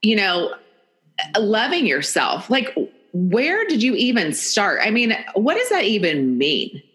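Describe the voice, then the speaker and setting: A woman's voice: medium pitch, wildly swooping pitch, takes it slowly, fairly bright tone. A woman hosting a podcast, chatting casually and thinking aloud with many "like"s. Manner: rambling, lots of "like", thinks aloud. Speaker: podcast host. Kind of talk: casual interview chat.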